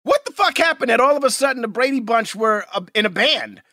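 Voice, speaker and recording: Loud, excitable man with a bright, lively voice. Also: very high-pitched, fairly quick, dry recording, clean studio sound. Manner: loud, excitable, swears freely. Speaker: podcast co-host. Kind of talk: casual chat.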